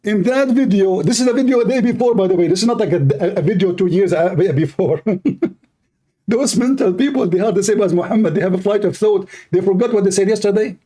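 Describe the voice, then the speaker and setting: Male streamer, high pitch, jeering and scornful, broken grammar. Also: brisk, mellow. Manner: taunting, insulting, non-native grammar. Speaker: online debate streamer. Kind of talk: mocking live commentary.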